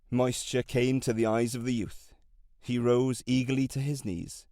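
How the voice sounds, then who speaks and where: A man narrating an audiobook calmly and evenly as the host of his podcast. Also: mid-range voice, moderate pace, no room sound, studio quality. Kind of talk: scripted narration.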